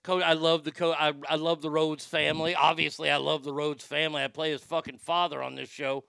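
Guy ranting on his show, sarcastic and swearing a lot, stumbles over words, smooth crisp voice, dry close sound. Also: a little high, flat delivery, a little fast, pushed and bright, no room sound. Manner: sarcastic, profane, stammering restarts. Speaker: podcast host. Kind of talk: casual ranting commentary.

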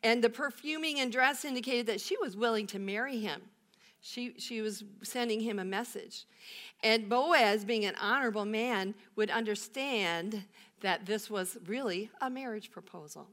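A woman's voice: fairly high pitch, normal speed. Woman pastor preaching a Bible story. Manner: warm storytelling with rhetorical questions and emphatic repetition. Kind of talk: sermon.

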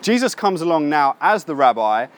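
A male preacher gives a relaxed, conversational sermon. He keeps it lively by acting out the people in his stories and dropping slangy asides. His voice sits slightly high for a man. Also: moderate pace. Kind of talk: casual sermon.

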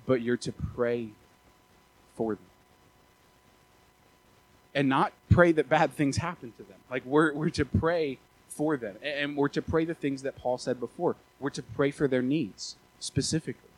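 Young pastor with a husky voice. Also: male voice, mid-range voice, normal speed, poor audio. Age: 20s. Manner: casual, animated preaching with frequent restarts and stammers. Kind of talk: sermon.

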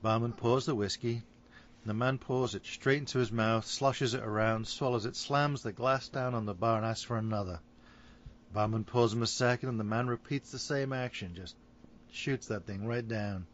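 A man's voice: mid-range voice, moderate pace, dull audio, slight background noise. A man with a Scouse accent from Liverpool, co-hosting a podcast and reading crude jokes aloud with frequent laughter. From Liverpool, England. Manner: laughs often, reads jokes aloud with a chuckle. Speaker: podcast co-host. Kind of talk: casual podcast banter telling jokes.

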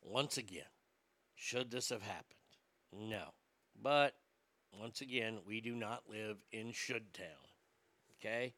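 A man's voice: fairly low pitch, slow, long pauses, bright, forceful tone, no room sound. A man delivering a blunt, sarcastic, profane opinion rant as a commentator.

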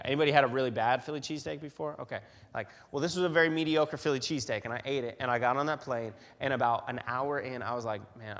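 A youth pastor preaches to a youth group, telling a long personal story with animated delivery and lots of fillers and repeated starts. His voice is medium-pitched, with a long reverb tail.

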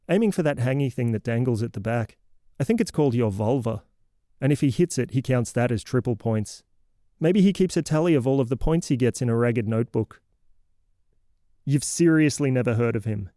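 A man's voice: medium pitch, dark tone, no echo, studio quality, lightly acted. A man playing a cranky townsman who lectures and mocks a kid in a comic horror monologue. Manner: exasperated, mocking, lecturing.

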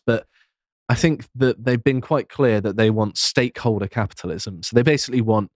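A man's voice: lowish voice, no room sound, studio quality. A man co-hosting a political podcast, casually explaining and reading out quotes with frequent ums. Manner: reads quotes aloud, measured, frequent ums. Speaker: podcast co-host.

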